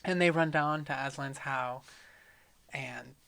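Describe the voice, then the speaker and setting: A podcast co-host chatting casually about a book, playful and irreverent, with quick jokes and swearing. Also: medium pitch, gravelly, a bit bright.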